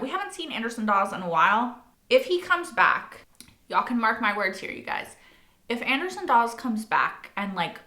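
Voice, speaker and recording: A young woman talks casually about a show she has just watched. She fills her talk with likes and rights and swears freely. Her voice has a bright, forward tone, and it rings in an echoey room. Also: mid-range voice. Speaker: reaction video host. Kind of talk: casual spoken commentary.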